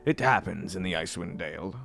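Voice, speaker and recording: A man's voice: low-pitched, lively intonation, fast talker, vocal fry, a bit bright, soft background music, voice pushed down, heavily acted. A man voicing a formal, wary tiefling servant in a tabletop game.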